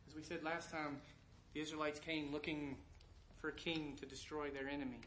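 A man preaching a sermon, shifting between loud proclamation and soft, hushed passages. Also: a little high, little pitch movement, normal speed, slight background noise. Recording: echoey room with faint background ambience.

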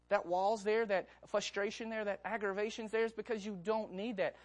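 A man preaching a sermon, dropping to a hush and rising into pleading appeals. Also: high-pitched, fairly even intonation, moderate pace. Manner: swings from hushed to loud, pleading. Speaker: pastor.

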